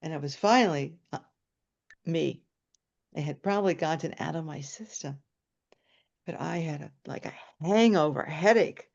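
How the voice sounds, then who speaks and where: A woman telling a personal story on stage in an animated way, jumping into high excited voices when quoting. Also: normal speed, creaky, pauses often, highs cut off.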